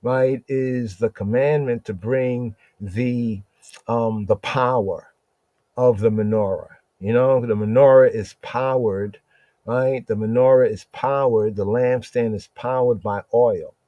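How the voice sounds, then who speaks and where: A man giving a slow, deliberate scripture study on a podcast, reading verses aloud and checking in often with "right?". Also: mid-range voice, steady tone, dry recording, muffled recording. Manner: repeats and restarts words while reading. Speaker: podcast Bible teacher.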